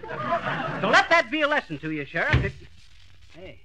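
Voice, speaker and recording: A man's voice: high-pitched, very animated, normal speed, over a noisy crowd, very noisy. A man playing a boastful small-town braggart in a 1940s radio comedy, folksy and blustering. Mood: bragging. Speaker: comedy lead.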